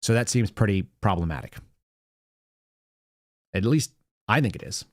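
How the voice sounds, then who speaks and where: A man's voice: on the low side, expressive, normal speed, no echo, clean studio sound. A man hosting a political podcast, telling stories in a conversational way and often restarting his sentences as he goes. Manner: conversational storytelling with quoted dialogue and restarts. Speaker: podcast host. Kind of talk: casual political commentary.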